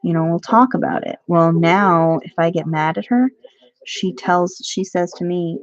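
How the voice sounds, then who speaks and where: A woman's voice: lowish voice, measured pace, highs cut off. A woman in her thirties hosting a casual crafting livestream from home, chatting and laughing between her child and her viewers.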